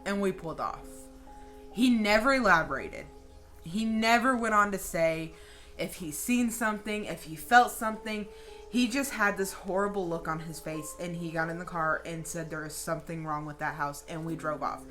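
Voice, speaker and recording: A woman in her late twenties telling a story in a casual, animated vlog style, with lots of profanity and dramatic flair. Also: fairly low pitch, normal speed, soft background music. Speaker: vlogger.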